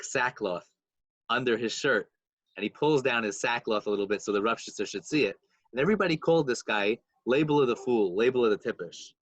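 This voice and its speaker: Low-voiced man telling stories. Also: a bit bright, no room sound, dull audio. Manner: retells stories mixing in Hebrew and Yiddish terms. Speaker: podcast co-host. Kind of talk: casual storytelling chat.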